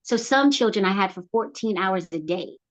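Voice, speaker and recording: A middle-aged woman, a program founder, telling her life story as an interview guest in an animated way and acting out quotes with big jumps in pitch. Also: normal speed.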